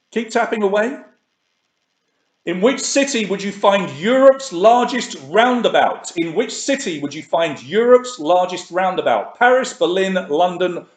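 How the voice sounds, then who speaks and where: Guy running an online quiz, kinda high voice, chatty, reads the options twice, roomy echo. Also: very animated, unhurried, long pauses. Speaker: quiz host. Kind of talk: live online quiz hosting.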